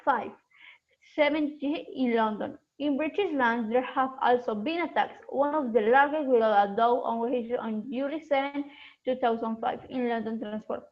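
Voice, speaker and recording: A teenage girl with a high voice reads a prepared school presentation in a steady, careful way. The sound is a little dull and low-fidelity. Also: moderate pace. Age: teens. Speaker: student presenter.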